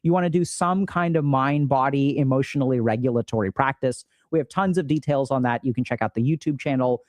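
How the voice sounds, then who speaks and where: A man's voice: medium pitch, brisk, no room sound, clean studio sound. A man in his thirties explaining emotional skills in a casual, upbeat way, slipping into voices for remembered conversations. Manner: casual, upbeat, acts out quoted dialogue. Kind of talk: explanatory talk to camera.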